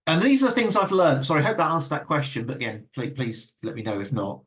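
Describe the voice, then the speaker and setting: A man's voice: on the high side, big pitch swings, quick pace, a bit bright. A middle-aged man giving an earnest talk with audience questions, full of fillers and stammered restarts. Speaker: guest speaker.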